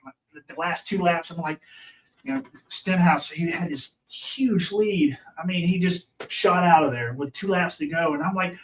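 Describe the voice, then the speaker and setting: A man's voice: fairly high pitch, normal speed, a little hiss or hum. Rambling man telling stories, off-mic. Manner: rambling, with many restarts and fillers. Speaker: pit crew member, guest. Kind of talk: casual storytelling on a racing talk show. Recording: from a distance.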